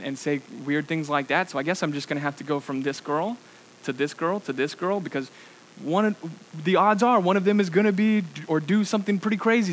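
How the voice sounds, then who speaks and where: A young man preaching with an animated story full of fillers, acting out what he said in the past. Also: a little high, slight background noise, poor audio. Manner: animated storytelling with many fillers, acts out his own past lines. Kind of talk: sermon illustration, personal story.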